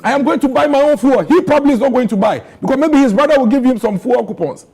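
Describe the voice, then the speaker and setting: A Ghanaian man with a Ghanaian accent pleads and argues in a heated political panel debate. His voice sits high and comes out husky. He hammers home points with repeated questions. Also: fast, warm tone. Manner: impassioned, rising to pleading outrage.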